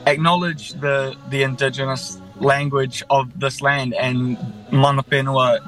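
Bright-toned New musician, chatty. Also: male voice, mid-range voice, flat delivery, unhurried, faint music behind, poor audio. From New Zealand. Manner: enthusiastic, chatty, self-deprecating. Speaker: musician, interview guest. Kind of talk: casual radio interview.

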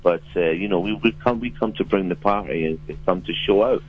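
A man's voice: deep voice, a little fast, dull audio, faint music behind. A man with a New Zealand accent, a musician and actor, chatting loosely by phone with lots of fillers and restarts. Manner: laid-back, rambling, many fillers and restarts. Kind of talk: casual phone interview. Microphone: phone line.

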